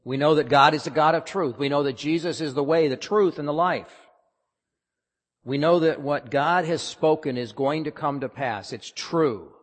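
A man's voice: on the high side, moderate pace. A man preaching a sermon, emphatic and often questioning the congregation. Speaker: pastor. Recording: long hall reverb.

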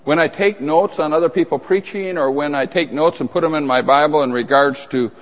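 A man's voice: on the high side, fairly quick. A man preaching a sermon in a conversational, emphatic way, with asides and restarts. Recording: long reverb of a large hall.

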